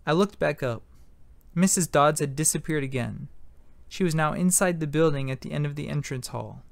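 A man narrating an amateur audiobook in first person, plain and matter-of-fact. His voice sits slightly high with a gravelly, fry-tinged texture. The sound is dry and close. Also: moderate pace, no room sound.

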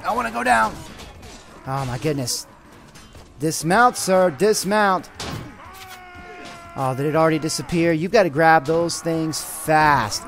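With faint music behind him, a man hosts a let's play in a slightly high, gravelly voice, speaking at a measured pace with long pauses. This gaming channel host is animated and excitable, adding light roleplay to his commentary and ordering his troops around.

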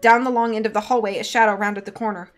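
A woman's voice: medium pitch, fairly even intonation, quick pace, faint music behind. A woman reading a storybook aloud on a live stream, chatting with her viewers in between.

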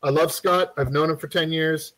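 A man walks viewers through building a game in a loose, live-streamed tutorial, talking in a fairly high register for a man. He rambles, restarts and fills pauses with ums, and he tosses off jokes to the chat as he works. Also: steady tone, a bit bright, low-quality recording. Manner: rambling and chatty, many fillers and restarts; joking asides to the viewers. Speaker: game development instructor.

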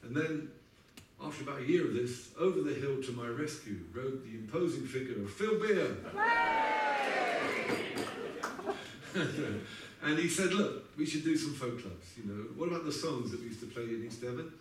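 Between songs at a live music venue, a man in his sixties spins wry, talkative stories and chuckles at them himself. His medium-pitched voice is lively in intonation and brisk, picked up far from the mic in an echoey space with a little hiss or hum and guitar audible.

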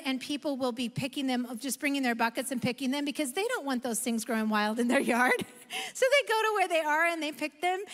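A woman pastor giving an animated, emphatic sermon in a church sanctuary. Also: high voice. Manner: animated, emphatic preaching with self-aware asides. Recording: long reverb of a large hall.

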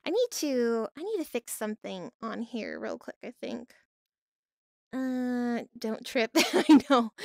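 Woman streamer, high voice, slow unhurried talk, bubbly and giggly, chatting with viewers. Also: dry recording, clean studio sound. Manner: bubbly, giggly, reads and answers chat. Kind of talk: casual live stream chat. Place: home office with cats.

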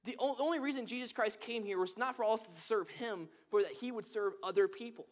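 Guy preaching a sermon, earnest storyteller, fairly high voice. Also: fairly quick. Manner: earnest storytelling with scripture reading.

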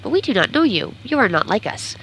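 A woman's voice: a little high, very animated, quick pace, a bit bright, a little hiss or hum, voice pushed up, poor audio. A woman voicing a pair of crafty little goblin thieves who speak together, suspicious and spiteful, in a storybook read during a game. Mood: wary.

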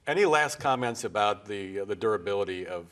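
Measured, low-voiced male interviewer. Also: lively intonation. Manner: measured, gently prompting. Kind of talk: interview questions.

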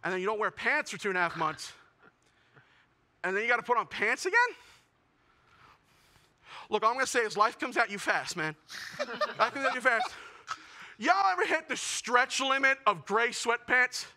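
A young man with a very high, bright voice performs a stand-up comedy set. He tells self-deprecating stories with animated delivery. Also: moderate pace, pauses often. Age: young adult.

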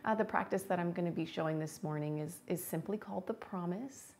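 A woman teaching a live-streamed beginner yoga class, giving gentle cues and chatting with viewers. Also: on the low side, a little fast, slight background noise.

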